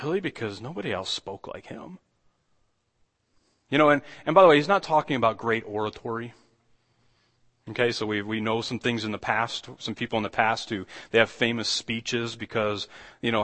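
A man's voice: mid-range voice, a bit bright. Guy preaching a sermon, chatty, trips over his words a lot, voices the people in the story, big reverby hall. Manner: conversational, many restarts, acts out quoted lines. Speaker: pastor.

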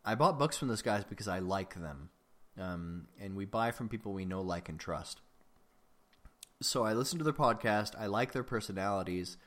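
A man's voice: lowish voice, lively intonation, moderate pace, a bit bright. A man hosting his own podcast, chatting casually and rambling with frequent ums and self-deprecating asides. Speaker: podcast host. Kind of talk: casual solo podcast chat.

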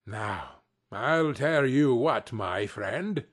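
A man's voice: mid-range voice, lively intonation, very slow, voice pushed down. A man reading an audiobook, voicing an old man who plays stern and then turns hearty and generous. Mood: mock stern. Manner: gruff mock sternness turning hearty. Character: old man, reformed miser, suddenly jovial. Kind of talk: storybook reading.

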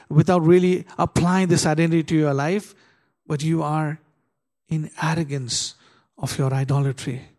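A man preaching a sermon with an emphatic, rising delivery. He fires rhetorical questions at his listeners and slows right down to read scripture with weight. His voice sits a little higher than most men's. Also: a little mellow. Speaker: pastor.

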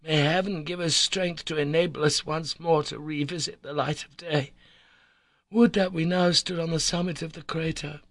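A man's voice: a little high, fairly even intonation, moderate pace, a bit bright, dry recording, voice pushed up. A man voicing a desperate young man who pleads vehemently to turn back from a journey. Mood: pleading.

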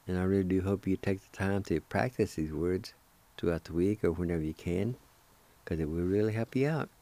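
A middle-aged man with a low, warm voice hosts a radio lesson teaching Cherokee words. He patiently spells out each word and repeats it syllable by syllable. The recording is dry.

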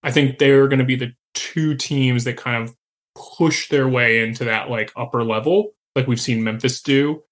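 A man co-hosting a sports podcast in easygoing chat. He talks in a loose, rambling way, full of fillers and quick restarts, with a voice of ordinary middle pitch. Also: steady tone. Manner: chatty, frequent fillers and restarts. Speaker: podcast co-host.

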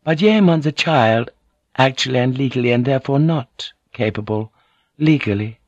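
A man's voice: medium pitch, lively intonation, normal speed, a little mellow, no echo, voice pushed up, natural voice. A resolute, devout noblewoman who speaks with formal courtesy and will not bend, as a male reader acts her out. The voice is lifted above the reader's own. The recording is dry and a little dull. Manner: formal, polite, firm.

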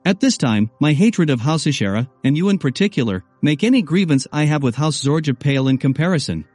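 A woman's voice: deep voice, lively intonation, a little fast, darkish tone, no room sound, faint music behind. A man voicing a bitter, vengeful warrior mother who grinds her words out, in an audiobook reading.

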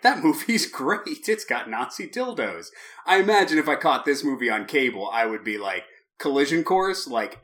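A man co-hosting a casual movie podcast, with a bright, forceful tone at an ordinary pitch. He swears freely, jokes and laughs often as he riffs on the film. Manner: profane, joking, laughs often. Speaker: podcast co-host.

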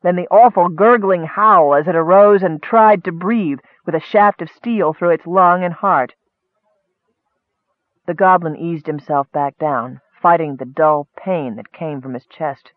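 A man giving measured scripted narration of a fantasy story. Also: a little high, no room sound, narrow, tinny audio.

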